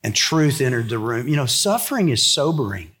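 A man preaching a sermon, telling a story in a conversational way and going low and quiet for the solemn points. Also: very animated, a little fast. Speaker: pastor.

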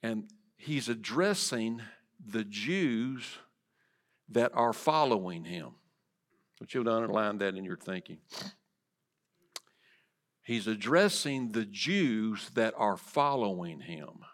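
Man preaching, loud to whispered. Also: lowish voice, animated, takes it slowly, long pauses. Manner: dynamic preaching, swinging from loud emphasis to soft whispers. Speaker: pastor. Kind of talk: sermon. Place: church sanctuary.

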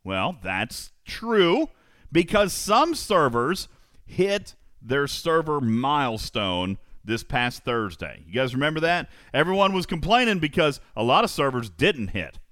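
A man hosting a live gaming podcast, energetic and emphatic, often repeating phrases for effect and talking directly to his co-host and listeners. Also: fairly high pitch, measured pace, no room sound, studio quality.

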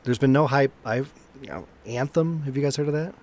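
A man's voice: mid-range voice, a little fast, a little mellow. Enthusiastic male gaming co-host. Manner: sarcastic, enthusiastic. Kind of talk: casual gaming chat.

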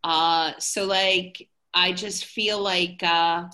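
A woman's voice: fairly low pitch, steady tone, extremely slow, pushed and bright. A woman being interviewed as a hair educator, talking casually and rambling with lots of fillers. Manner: chatty, rambling, many fillers.

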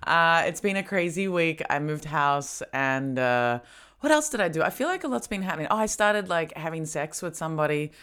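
A woman's voice: deep voice, lively intonation, moderate pace, fairly bright tone, clean tone. A woman hosting a casual comedy podcast, rambling and giggly, a little spaced out and drowsy. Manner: rambling, giggly, many fillers. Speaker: podcast host.

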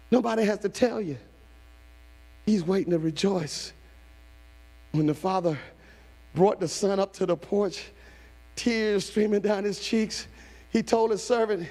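A man pastor preaching a sermon, shifting from hushed storytelling to shouted calls. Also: high voice, gravelly. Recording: long hall reverb.

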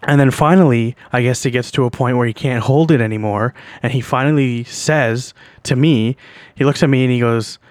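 A man's voice: medium pitch, moderate pace, darkish tone, no room sound. A young man hosting a podcast, telling a story in a loose, rambling way, swearing often and breaking into laughter. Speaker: podcast host. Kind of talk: casual storytelling monologue.

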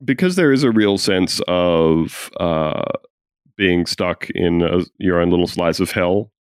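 A man's voice: sits low, expressive, measured pace, clean tone, no echo, studio quality. A man co-hosting a podcast, chatting casually about a TV episode and restarting his sentences as he talks. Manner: rambling, restarts mid-thought. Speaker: podcast co-host.

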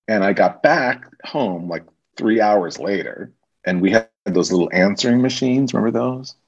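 A man guest on a podcast, telling stories from his acting career in a lively, casual way and acting out the people he quotes. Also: sits low, moderate pace. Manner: animated storyteller, acts out quoted voices. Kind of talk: casual storytelling interview. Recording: muffled lo-fi recording.

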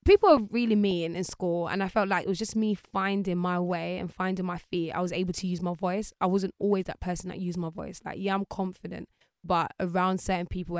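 A woman's voice: on the low side, smooth, no echo, clean studio sound. A woman, a guest chatting casually in an interview and acting out the people she quotes. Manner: lively, acts out voices of people she quotes.

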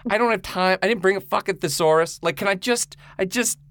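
A man co-hosting a podcast over a video call, talking in an excitable, rambling, joking way. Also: high voice, fairly quick. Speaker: podcast co-host. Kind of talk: casual chat.

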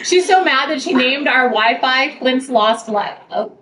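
A woman's voice: sits high, animated, a little slow. A middle-aged woman, an author, telling stories to fans in a casual group interview, laughing often. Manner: chatty, laughing storyteller. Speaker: author answering fan questions. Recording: far from the mic with clear background noise.

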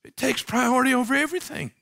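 A man, a pastor preaching a passionate sermon, swinging from loud emphatic calls to hushed pleading and asking the congregation rhetorical questions. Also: very high voice, fast, creaky.

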